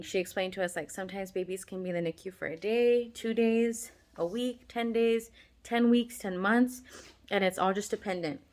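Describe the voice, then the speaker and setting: A woman with a mid-range voice tells a personal story in a relaxed, chatty way. She leans on "like" as a filler. She slips into other people's voices when she quotes them. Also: mid-range voice. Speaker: mother telling a birth story. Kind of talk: casual storytelling to camera.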